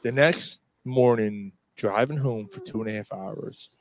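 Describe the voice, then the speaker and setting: Animated, foul-mouthed man telling a story. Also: lowish voice, unhurried. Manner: animated, profane, swears constantly, laughs through the story. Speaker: podcast host. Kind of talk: casual storytelling chat.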